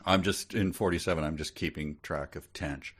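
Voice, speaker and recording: A man co-hosting a podcast, rambling playfully and quick to laugh while discussing a novel. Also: rumbling low, steady tone, a bit bright, husky. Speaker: podcast co-host. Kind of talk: casual comedic book discussion.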